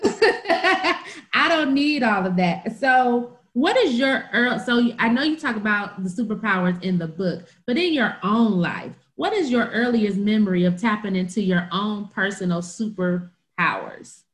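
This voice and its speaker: A woman's voice: medium pitch, lively intonation, moderate pace, hardly any pauses, echoey room. A woman hosting an interview, talking in an emphatic, affirming way. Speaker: interview host. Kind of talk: casual interview talk.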